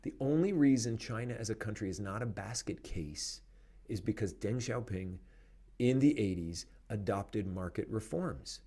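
A man in casual conversation, talking in an animated, opinionated way and laughing often. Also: on the low side, moderate pace.

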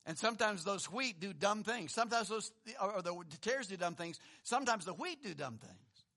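Male pastor, conversational sermon, rhetorical questions, high bright voice. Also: animated, moderate pace. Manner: reads scripture aloud, swings between emphatic and hushed.

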